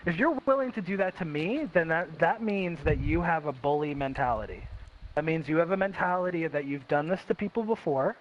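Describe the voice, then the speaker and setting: A man with a fairly high voice talks in an emphatic, circling way, stressing the same points again and again. The sound is dull and lo-fi, with a faint hiss behind him. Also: expressive, a little fast. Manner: emphatic, repetitive self-reflection. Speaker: host. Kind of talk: casual chat.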